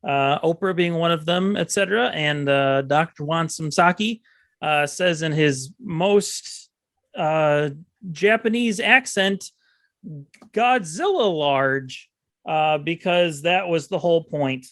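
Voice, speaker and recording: A man with a voice a touch higher than most recaps a film for a podcast, slow and unhurried. He stops often with ums and uhs. The sound is close and dry, with no room around it. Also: a bit bright, dry recording. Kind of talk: casual movie recap chat.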